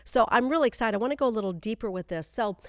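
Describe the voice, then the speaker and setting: A woman's voice: a little high, animated, racing, no room sound, studio quality. A woman speaking as a spiritual coach, teaching the Bible with emphatic repeated phrases and addressing listeners directly. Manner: addresses listeners directly, urging them to stay with her. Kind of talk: Bible teaching for a YouTube channel and podcast.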